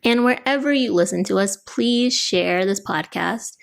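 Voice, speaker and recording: A woman's voice: medium pitch, a little slow, vocal fry. A young woman co-hosting a podcast, chatting casually and laughing often. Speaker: podcast co-host.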